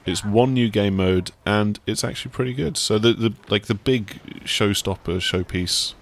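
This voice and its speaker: A man's voice: fairly low pitch, moderate pace. A man hosting a casual video game chat, talking in a rambling, enthusiastic way. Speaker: gaming site host.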